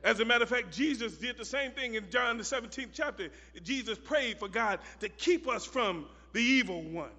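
A high, bright-toned man preaches a sermon, hammering home repeated phrases and rising into shouted, chanted lines. His voice rings through a hall with a long reverb on a dull, muffled recording. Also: lively intonation, moderate pace, hardly any pauses.

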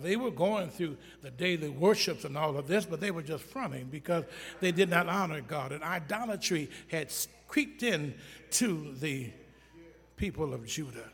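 A man preaching a sermon in a church, blunt and folksy, talking straight to the congregation and building to emphatic shouts. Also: fairly high pitch, breathy edge. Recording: echoey church hall.

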